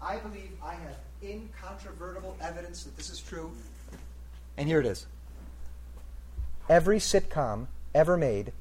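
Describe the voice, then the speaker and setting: Man, high-pitched, preaching, storytelling, conversational, asks the audience questions. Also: husky. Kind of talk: storytelling sermon.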